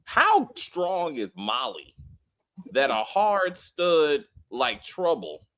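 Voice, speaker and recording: A man in a casual TV review chat, talking in a fairly high, bright and edgy voice. His pitch swings widely as he acts out scenes, and he curses freely and keeps apologizing for going off track. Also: big pitch swings, extremely slow. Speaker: co-host of a TV review show.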